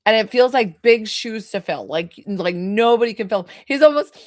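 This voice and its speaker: A woman's voice: a little high, lively intonation, moderate pace, no echo, studio quality. A woman working as a psychic medium, giving a live reading in a chatty way full of "like" fillers. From New York.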